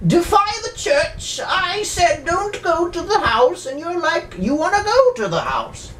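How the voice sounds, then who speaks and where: Mocking church-official bit: a woman putting on a shrill, self-important clergyman, pitched way up, voice pulled away from the mic. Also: very animated, measured pace, fairly bright tone, roomy sound, far from the mic, a little hiss or hum, full character voice, rough recording. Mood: scolding. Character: indignant male church superior scolding a priest.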